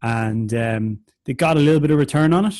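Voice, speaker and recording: A man talks through a rugby match slowly and thoughtfully, pausing often with fillers. His voice is mid-pitched and recorded close and dry. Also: a little mellow, no echo. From Ireland. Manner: thoughtful, halting, many fillers. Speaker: guest analyst, former rugby player. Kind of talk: match analysis chat.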